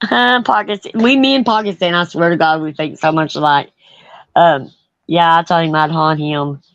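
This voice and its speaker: Lower-voiced middle-aged woman, folksy and blunt. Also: moderate pace, no echo. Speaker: host. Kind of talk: casual chat. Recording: dull lo-fi sound.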